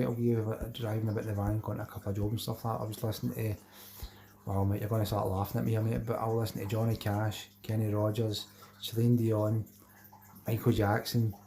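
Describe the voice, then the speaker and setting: A Glasgow man hosts a casual fishing livestream, chatting with viewers, reading out their names and calling them "mate" constantly. His voice is on the low side, gravelly and warm. The audio has a little hiss or hum.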